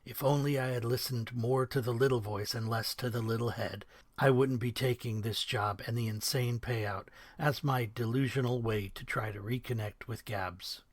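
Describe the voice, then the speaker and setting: A man narrating his own crime novel in the first person, measured and wry, in a recording studio. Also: mid-range voice, steady tone, dry recording.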